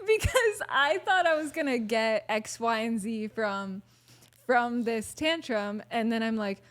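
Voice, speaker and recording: Candid woman, casual and animated. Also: fairly high pitch, unhurried. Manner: candid and animated, swears, acts out her own thoughts. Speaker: podcast guest, hypnotherapy practitioner. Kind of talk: casual podcast conversation.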